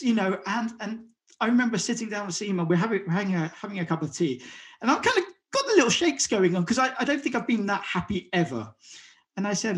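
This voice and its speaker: High-voiced man, halting and earnest. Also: sing-song. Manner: halting, repeats words, acts out quotes. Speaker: guest. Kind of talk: conversational interview.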